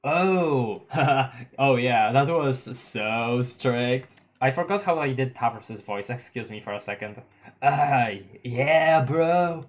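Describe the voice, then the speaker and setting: Excitable streamer reading a webcomic live. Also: mid-range voice, slow pace, few pauses. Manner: excitable, laughs often, restarts sentences. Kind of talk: casual live-read commentary.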